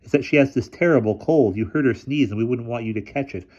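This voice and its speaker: A man reading aloud, voicing a quick-witted, cheerful schoolgirl in a lifted, chirpy voice. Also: medium pitch, darkish tone, highs cut off, voice pushed up, lightly acted.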